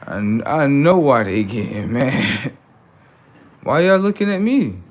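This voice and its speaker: A man hosting a livestream, ranting in a preachy, confrontational way and talking back to his chat, swinging from loud outbursts to low mutters. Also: sing-song, measured pace. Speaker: livestream host. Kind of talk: casual livestream rant.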